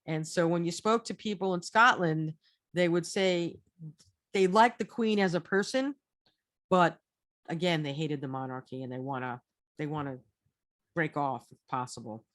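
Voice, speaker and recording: A woman's voice: deep voice, moderate pace, long pauses, no echo, clean studio sound. A woman telling a casual travel story, chatty and rambling, restarting her phrases often. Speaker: storyteller recounting a trip.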